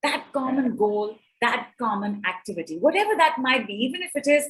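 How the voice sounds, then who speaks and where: A middle-aged woman speaking on relationships at an online summit, animated and conversational, acting out quoted exchanges. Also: a little high, brisk, rough recording.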